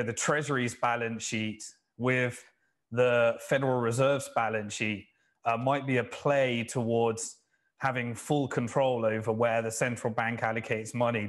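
Man, interview host, middle pitch, measured thoughtful questions.

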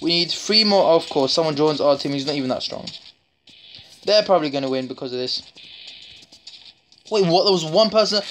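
A woman's voice: sits low, animated, brisk, pauses often. A woman giving casual, jokey commentary while playing a mobile shooter, trash-talking opponents and letting out sudden yelps. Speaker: mobile game streamer. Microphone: phone screen recorder. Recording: noisy phone recording with tapping clicks.

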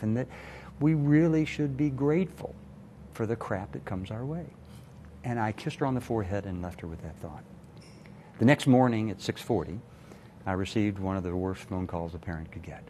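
An older man with a very deep, low voice shares a painful family story on a TV interview. He speaks earnestly and measures his words. A faint noise sits under the recording. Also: animated, moderate pace, mellow. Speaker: retired cardiologist, guest.

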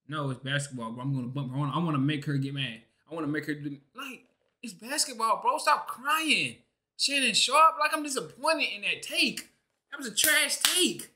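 A man's voice: extremely high pitch, sing-song, moderate pace, sharp tone. A young man streaming a reaction to a sports clip, ranting in an exasperated, slangy way. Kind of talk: casual reaction commentary.

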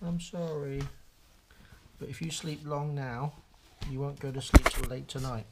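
Father, casual vlog, playful and coaxing with his toddler, unhurried delivery. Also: medium pitch, steady tone, a little hiss or hum. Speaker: father vlogger. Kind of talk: casual family vlog chat.

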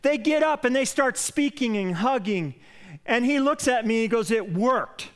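A man preaching a sermon as a pastor, telling a story with lively, animated delivery that grows loud when he quotes a prayer. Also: very high-pitched, normal speed. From Colorado. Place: church sanctuary.

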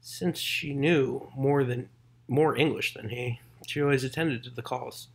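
A man reading a literary short story aloud in a measured, unhurried way, now and then correcting himself mid-sentence. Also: mid-range voice, flat delivery. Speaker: narrator.

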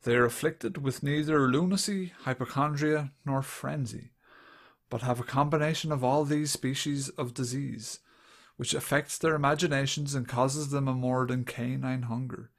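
A man's voice: medium pitch, fairly even intonation, moderate pace. A man co-hosting a podcast, crude and joking, sometimes reading old text aloud dramatically. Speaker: podcast co-host. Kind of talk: casual podcast banter.

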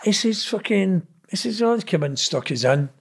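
Gravelly Glaswegian man telling stories. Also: sits high, lively intonation, normal speed. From Scotland. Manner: blunt, sweary, rambling with frequent 'know what I mean'. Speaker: interview guest. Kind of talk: casual storytelling.

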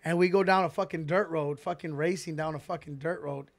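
A man hosting a podcast, telling a long story in a rambling, animated way and swearing heavily, on a close mic. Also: a little high, a little fast, gravelly, no echo. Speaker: podcast host. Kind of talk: casual storytelling.

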